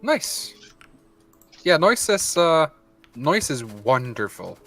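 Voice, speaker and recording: A man making dry, drawn-out remarks in a casual group chat. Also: on the high side, very animated, fairly bright tone, soft background music.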